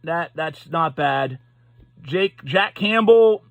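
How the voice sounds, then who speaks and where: Exasperated high-voiced man ranting about hockey. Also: big pitch swings, gravelly, fairly bright tone, no echo. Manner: profane, exasperated, halting restarts. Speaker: sports commentator. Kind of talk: casual sports rant. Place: Pittsburgh.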